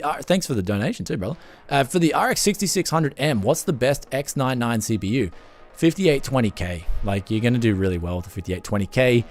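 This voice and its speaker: A man's voice: on the low side, darkish tone. A man with an Australian accent hosting a casual tech live stream, jokey, with frequent restarts.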